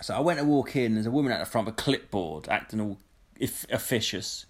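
A man's voice: lowish voice, expressive, fairly quick. A man telling a long, sweary, indignant story in casual chat. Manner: sweary, indignant, mimics people in his stories.

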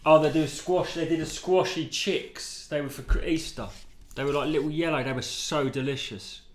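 A man's voice: on the high side, fairly even intonation, moderate pace. Joking man, cheeky banter. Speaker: podcast co-host, comedian. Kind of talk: casual chat.

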